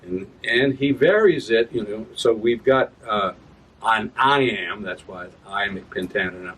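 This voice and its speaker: A man's voice: on the low side, measured pace, fairly bright tone, breathy edge. A man giving a reading of his own work, chatting casually with a live audience about verse and correcting himself as he goes. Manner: chatty, explains with rhythm sounds, self-corrects. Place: reading event room. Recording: distant mic with room ambience.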